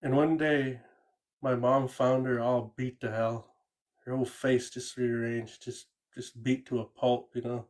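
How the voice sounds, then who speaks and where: A man's voice: mid-range voice, level tone, unhurried, darkish tone. A man calling in to tell a true ghost story in a rambling, casual way, often repeating words and saying "you know". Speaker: caller sharing a ghost story.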